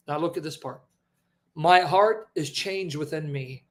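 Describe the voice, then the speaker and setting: A man giving impassioned Bible teaching, asking his listeners questions and swinging between loud emphasis and hushed words. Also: fairly high pitch, measured pace. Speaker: Christian preacher.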